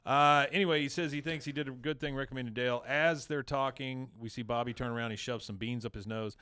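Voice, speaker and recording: Podcast host, male, mid-range voice, lively storyteller, dry studio sound. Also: mid-range voice, fast, clear, resonant tone, no room sound. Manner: animated retelling, acting out quoted lines. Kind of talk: casual recap chat.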